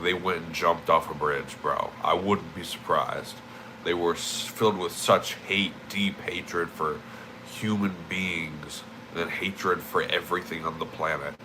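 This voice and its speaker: Low-voiced, rambling, profane young man streaming. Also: sharp tone, slight background noise, rough recording. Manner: rambling, profane, emphatic with repeated words. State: just woke up. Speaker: livestreamer. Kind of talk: casual streaming rant.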